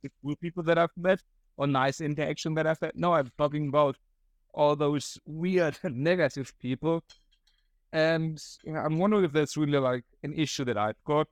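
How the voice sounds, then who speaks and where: With no room sound and a moderate pace, a fairly high-pitched young German podcast host tells a story alone in a German accent. He rambles, curses a lot, laughs frequently, and performs the quotes.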